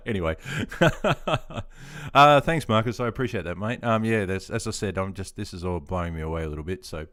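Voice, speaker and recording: A man's voice: low voice, fairly quick, fairly bright tone. An Australian man in his fifties, chatting in a rambling, self-deprecating way while reading out chat on a gaming live stream. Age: 50s.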